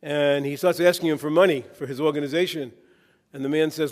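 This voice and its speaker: In a conference hall with long reverb, a man gives a keynote speech, weaving jokes and anecdotes into a preacher-like cadence. His voice is on the high side, steady in tone, and fairly quick.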